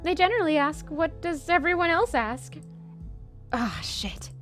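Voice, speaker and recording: A woman's voice: high-pitched, animated, measured pace, a bit bright, faint music behind, voice pushed up. A woman voicing a sardonic, teasing cafe barista in a game, dry and mocking, with a put-on Australian accent.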